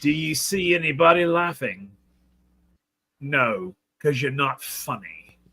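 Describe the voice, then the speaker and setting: A man playing a gruff bullying ship officer. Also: fairly high pitch, sing-song, slow, pushed and bright, heavily acted. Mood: menacing. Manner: barking, menacing.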